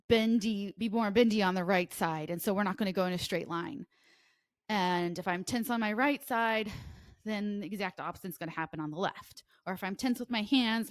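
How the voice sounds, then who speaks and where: A woman co-hosting a casual podcast, talking fast and nervously with many fillers and restarts. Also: on the low side, no room sound, clean studio sound. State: nervous and sweaty. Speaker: podcast co-host.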